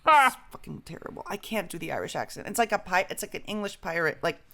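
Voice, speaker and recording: A woman's voice: fairly low pitch, fast, gravelly. A young woman co-hosting a podcast, chatting casually and telling stories with jokes and swearing. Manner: animated, swearing, jokey storytelling. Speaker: podcast co-host. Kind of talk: casual chat.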